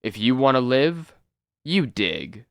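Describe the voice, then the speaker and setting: Guy reading out a firm no-nonsense comic hero, slow and steady, dry close sound. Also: mid-range voice, gravelly, dry recording, exaggerated voice. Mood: stern. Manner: firm and commanding. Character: stern strong male hero disguised as a miner. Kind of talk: comic book read-aloud.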